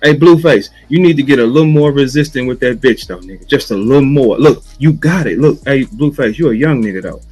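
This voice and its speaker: A man from St. Louis, a battle rapper, in a heated rant full of swearing, taunting his target and mimicking a flat chant. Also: medium pitch, a little fast, few pauses, husky, soft background music, low-quality recording. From St. Louis, USA.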